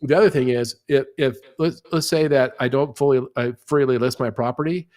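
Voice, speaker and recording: On a podcast, a middle-aged man explains the real estate industry, talking fast and animatedly and saying "you know" a lot. His voice is medium in pitch.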